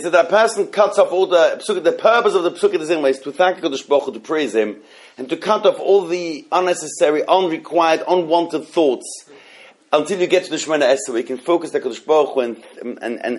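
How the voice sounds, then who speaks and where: Male Torah teacher, slightly higher voice, rambling delivery full of restarts. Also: quick pace. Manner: rambling, many restarts and fillers. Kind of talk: halacha class.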